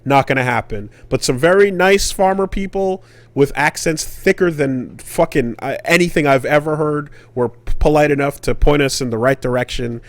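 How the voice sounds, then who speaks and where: A man's voice: on the high side, normal speed, hardly any pauses, no echo. Rambling, swearing podcast man, dry sound. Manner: rambling and profane, with many fillers. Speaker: podcast co-host. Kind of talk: casual storytelling chat.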